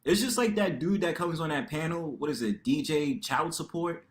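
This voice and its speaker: A man hosting a livestream panel, talking casually in a loud, expressive way, full of slang and rhetorical tags. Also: normal speed. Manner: loud and expressive, lively pitch swings.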